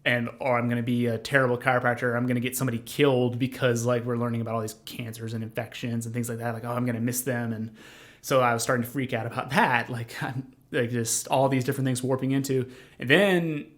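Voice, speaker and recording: A young man recounts his own story as a podcast guest in a flat, level voice that barely rises or falls. He talks in an earnest, rambling way, full of fillers and restarts. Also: medium pitch, fast talker. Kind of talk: conversational storytelling.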